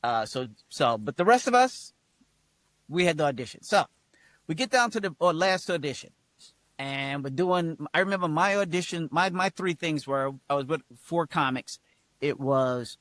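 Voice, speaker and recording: An older male comedian telling a lively, self-mocking story in casual chat. He acts out quoted voices and fills gaps with "blah, blah, blah". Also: fairly high pitch, normal speed, no echo, studio quality. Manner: wry, self-mocking humor. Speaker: comedian guest.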